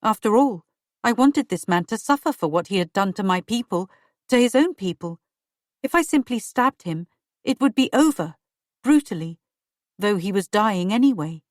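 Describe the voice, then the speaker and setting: A woman reading a first-person audiobook in slow, measured storytelling narration. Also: medium pitch, lively intonation, no echo, clean studio sound.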